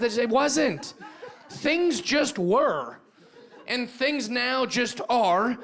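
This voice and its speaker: A man from Seattle works a comedy club stage, ranting energetically and tossing in "right?" after punchlines. His voice sits high for a man. A live audience murmurs and laughs faintly behind the handheld mic. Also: fairly bright tone. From Seattle, USA. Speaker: stand-up comedian. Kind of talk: stand-up comedy set.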